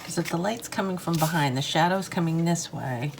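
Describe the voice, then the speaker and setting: A woman's voice: on the low side, fairly quick, creaky, a little hiss or hum. Rambling woman chatting while drawing. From United States. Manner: rambling, self-deprecating, hesitant with fillers; talks while drawing and coloring. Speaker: art vlogger. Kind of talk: casual chat while drawing.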